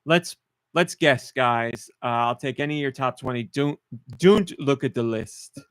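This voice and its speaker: A man's voice: medium pitch, measured pace, clear, resonant tone, no echo, studio quality. Playful man hosting a podcast. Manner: playful, teasing quiz-master. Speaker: podcast host. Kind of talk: casual podcast banter.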